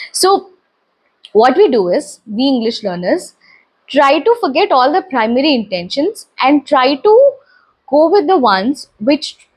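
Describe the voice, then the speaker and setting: A woman who speaks Telugu as her first language, teaching English slowly and earnestly in a casual talk to camera. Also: high-pitched, breathy edge. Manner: slow, earnest, encouraging.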